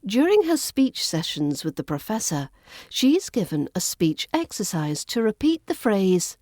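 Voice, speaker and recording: A woman with a British RP accent hosting a podcast pronunciation lesson, modelling sounds slowly and deliberately. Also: mid-range voice, sing-song, a little mellow, no room sound, studio quality. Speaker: accent coach and podcast host.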